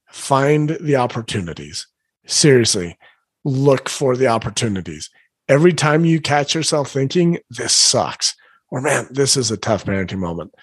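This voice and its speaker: A man's voice: on the high side, no echo, clean studio sound. A middle-aged man, a former principal, giving an earnest, encouraging talk to parents and acting out his own inner thoughts.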